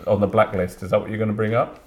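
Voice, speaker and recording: A man's voice: on the low side, flat delivery, rapid-fire. A man co-hosting a podcast in casual chat, with a dry, teasing manner and easy laughs. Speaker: podcast co-host.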